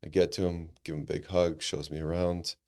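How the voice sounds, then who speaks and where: A man telling a personal story on a podcast, animated and earnest, often restarting his sentences. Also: low-pitched, a little fast. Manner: animated, acts out quoted dialogue, frequent restarts; earnest and reflective. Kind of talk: conversational storytelling.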